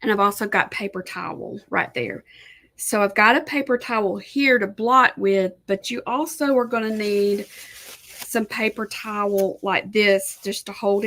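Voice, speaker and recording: Slow, gravelly woman teaching painting. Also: medium pitch, fairly bright tone. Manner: chatty, thinks aloud, self-correcting. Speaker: art instructor. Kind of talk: live painting tutorial.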